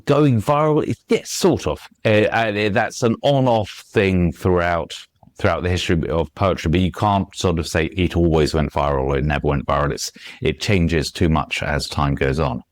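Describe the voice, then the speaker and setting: A very low-voiced man talks in a dry, close recording as a guest on an interview podcast. He explains things with lots of "um"s and repeated starts, breaking into recited verse and sounding out beats. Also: moderate pace, no echo. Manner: explains with many fillers and restarts, recites verse and taps out rhythms. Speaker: guest author.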